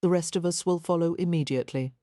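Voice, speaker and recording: A woman reading an audiobook, voicing an earnest young gentleman who pleads gently and patiently. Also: on the low side, fast, no echo, studio quality, close to an everyday voice.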